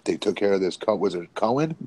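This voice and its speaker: A man's voice: fairly low pitch, expressive, quick pace, a little mellow, slight background noise, poor audio. A man co-hosting a wrestling podcast, talking casually and rambling with many restarts. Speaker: podcast co-host, former independent wrestler.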